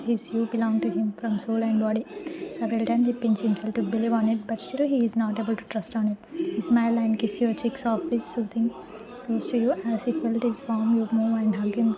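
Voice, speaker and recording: A woman narrating a second-person romance fan fiction story in a fast, even read. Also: a little high, poor audio.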